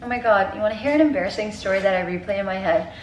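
A woman's voice: medium pitch, rapid-fire, slight background noise. Chatty young woman vlogging at home. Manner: chatty, rambling, swears freely. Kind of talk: casual vlog self-talk. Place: at home, indoors. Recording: roomy indoor sound.

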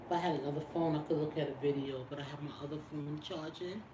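A woman's voice: deep voice, fairly even intonation, fast, background noise. A middle-aged woman live-streaming a casual vlog, chatting and teasing while she reads viewer comments aloud. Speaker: lifestyle vlogger doing a live stream.

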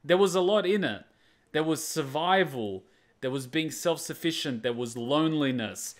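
A man's voice: on the high side, lively intonation, normal speed. A man hosting a reaction video, talking casually and earnestly about an episode in short repeated phrases.

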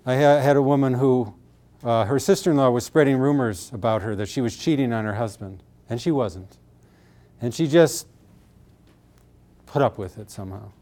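A man's voice: medium pitch, normal speed, long pauses, mellow. A middle-aged man talking about treating pain, earnest and explanatory, often acting out what his patients said with strong feeling. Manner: earnest, re-enacts patients' words with emotion. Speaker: pain therapist. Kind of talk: explanatory talk with acted patient quotes.

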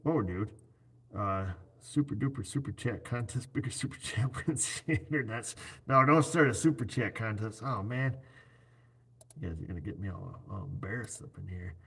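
Livestream host, man in his 40s, lowish husky voice, chatty and jokey. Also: moderate pace, fairly bright tone. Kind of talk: casual livestream chat. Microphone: computer set up on his screen.

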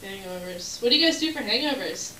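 A woman performing a stand-up comedy set, animated, working the crowd and acting out bits. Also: mid-range voice, fast talker. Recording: echoey room from far off, noisy.

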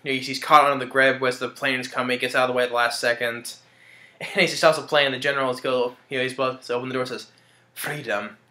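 Speaking very fast with little pitch movement, this movie reviewer has a mid-range, sharp-toned voice. He rambles through a casual recap of a film, hesitating, restarting frequently and chuckling, and the room adds a noticeable echo.

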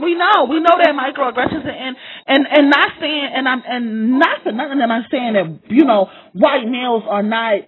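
A woman's voice: a little high, husky. A woman giving an impassioned, profane monologue straight to her listeners, repeating lines for emphasis. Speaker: vlogger. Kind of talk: impassioned direct-to-camera monologue. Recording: tinny phone-like sound.

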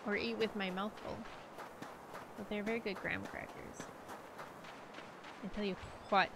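A woman's voice: mid-range voice, fairly even intonation, unhurried, gravelly. A woman streaming a game live, chatting casually to herself and her chat as she plays, into a desk microphone at home. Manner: chatty, talks to herself and chat while playing. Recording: clicky background noise.

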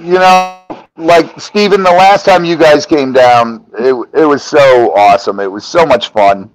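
A man chatting as a podcast guest, telling animated stories and acting out his friends' lines. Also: a little high, unhurried, no echo, soft background music, rough recording. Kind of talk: casual podcast chat.

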